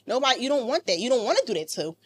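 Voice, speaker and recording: A woman's voice: on the high side, very animated, racing. A woman co-hosting a podcast, talking candidly and profanely in casual chat, with restarts. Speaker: podcast co-host.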